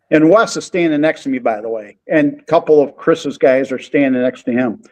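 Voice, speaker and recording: A man's voice: on the high side, a little fast, poor audio. A man who backs race teams, telling a story in casual radio chat and acting out the quotes. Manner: animated storytelling, quotes others.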